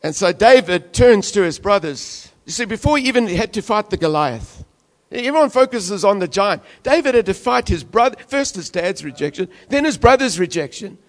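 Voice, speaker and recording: High-voiced male pastor, impassioned sermon delivery, big swings from loud to hushed. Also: animated, moderate pace. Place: church.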